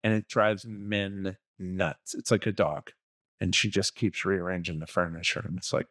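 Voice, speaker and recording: A man's voice: low-pitched, little pitch movement, normal speed, fairly bright tone, no echo, clean studio sound. A man co-hosting a relationship coaching podcast, giving blunt, profane advice in a casual way and acting out little scenes. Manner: blunt and profane, acts out quoted dialogue.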